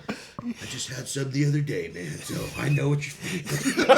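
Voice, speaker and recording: Laughing, animated, profane male storyteller. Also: on the high side, slow, gravelly, background noise. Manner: animated, profane, laughs often while telling stories. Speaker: podcast guest telling war stories. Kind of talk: casual storytelling chat.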